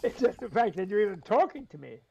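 A man's voice: sits high, very animated, quick pace, gravelly, a little mellow, husky. An older man, a Buddhist scholar and interview guest, telling rambling, chuckling stories and acting out the voices in them. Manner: chuckling, acts out voices in quotes, rambling asides. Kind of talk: animated storytelling in conversation.

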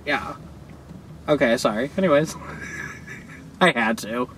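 A young man reacting to a music video from his car, gushing and sassy, with loud outbursts and laughter. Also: medium pitch, takes it slowly, noisy background. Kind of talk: excited reaction commentary. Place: in a parked car outdoors.

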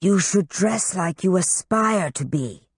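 A playful young male wizard who loves to show off, his lines drawn out at an unhurried pace, as an audiobook reader puts him on. He teases more than he threatens. The sound is close and dry, with no room around it. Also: mid-range voice, animated, husky, dry recording, voice pushed up. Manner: teasing and showy. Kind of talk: audiobook character reading.

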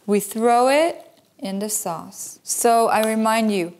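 A woman's voice: on the high side, slow pace, darkish tone. A woman hosting a cooking show, demonstrating a recipe in a playful, enthusiastic way and sprinkling in Italian words.

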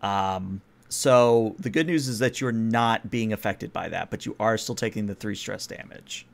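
A man's voice: fairly low pitch, measured pace, gravelly. Man running a tabletop game. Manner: relaxed, explains rules with fillers. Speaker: game master. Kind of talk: narrating a tabletop game over voice chat.

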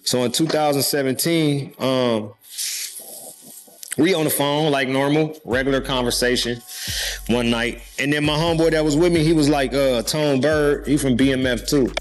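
A man recounting events in a laid-back podcast conversation, slipping into the voices of the people he quotes. His pitch sits in an ordinary middle range. Faint music runs underneath. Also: normal speed. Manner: relaxed storyteller who acts out quoted voices. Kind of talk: storytelling in casual podcast chat.

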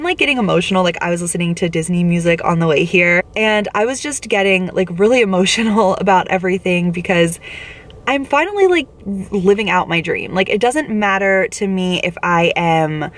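A young woman in her twenties chatting excitedly to her phone camera in a casual vlog. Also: on the low side. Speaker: vlogger.

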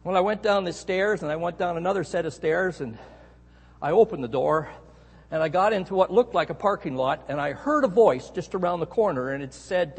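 A middle-aged Canadian man preaching a sermon, telling a story with animated emphasis on key words. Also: high voice, fairly quick, slightly rough. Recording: echoey hall.

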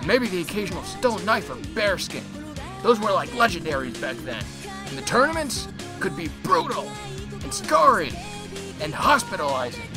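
A man's voice: sits high, sing-song, moderate pace, music in the background. A man narrating in a chatty, joking way. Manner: chatty, jokey.

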